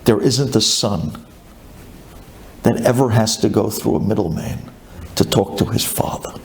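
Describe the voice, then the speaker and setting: A man's voice: measured pace, gravelly, slight background noise. A male rabbi giving a sermon and telling the story dramatically, with Hebrew and Yiddish terms in his English. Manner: animated storytelling with big swings in pitch and volume.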